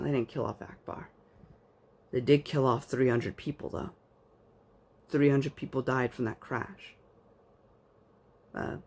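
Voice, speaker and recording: A man's voice: medium pitch, gravelly, husky. A man giving a casual spoken book review, rambling like an enthusiastic fan with plenty of fillers.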